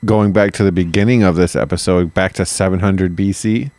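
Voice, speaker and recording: A man co-hosting a history podcast, cutting in with blunt, curse-laden reactions and questions. His voice sits low, and the recording is dry and close. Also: fairly even intonation, darkish tone, no echo. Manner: blunt, swearing, interjecting with quick reactions. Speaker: podcast co-host. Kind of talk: casual podcast chat.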